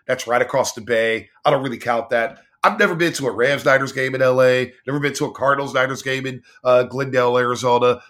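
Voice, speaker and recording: A man who hosts sports radio, telling a story as a podcast guest in an animated, excited way. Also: medium pitch. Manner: animated, hyped, chants and yells in quotes.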